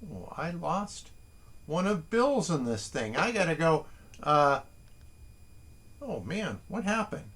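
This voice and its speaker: A man reads listeners' haiku aloud at an unhurried, deliberate pace, with wry, chatty asides between the poems. His pitch moves widely up and down, rising high and dropping low. He talks from his desk at home during a relaxed morning livestream. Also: vocal fry. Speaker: host reading listeners' haiku. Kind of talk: casual morning livestream chat.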